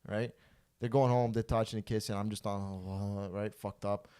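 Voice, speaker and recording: A man's voice: fairly low pitch, moderate pace, smooth. A young man on a podcast, spinning a crude, rambling comic story into a studio mic. He talks loosely and animatedly and jumps into other people's voices as he goes. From Toronto, Canada. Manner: animated, crude, acts out quotes. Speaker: podcast host and comedian. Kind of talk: casual comedic storytelling.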